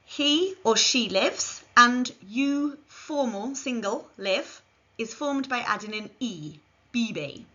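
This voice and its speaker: A woman's voice: a little high, slow, pushed and bright. A woman giving a scripted language lesson, carefully modelling phrases for learners to repeat. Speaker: language teacher. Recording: dull lo-fi recording.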